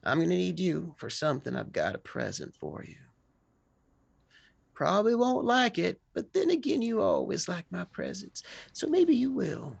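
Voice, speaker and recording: A man's voice: high voice, very animated, normal speed, creaky, husky, dry recording, lo-fi sound, voice pushed up, full character voice. A man voicing a tired, motherly old woman healer in a tabletop game, coaxing and stern.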